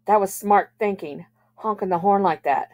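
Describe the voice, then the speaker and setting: Brief: female reader doing a calm middle-aged manager, reassuring and steady. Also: mid-range voice, normal speed, natural voice.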